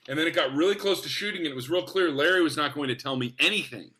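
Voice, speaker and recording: A man in his forties with a bright, forceful voice, from the Northwest of the US. He tells stories with real enthusiasm, jumping into other people's voices as he goes. His pitch sits a little high for a man. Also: very fast. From Spokane, US. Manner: enthusiastic, animated, acts out quotes. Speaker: actor guest. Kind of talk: casual podcast storytelling.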